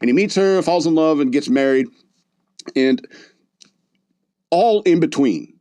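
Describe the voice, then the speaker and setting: A podcast host talks casually about a movie, his delivery loose and rambling, full of fillers and restarts. His voice sits fairly high with a dark tone, and he sounds animated yet unhurried. The recording is dry, with no room sound.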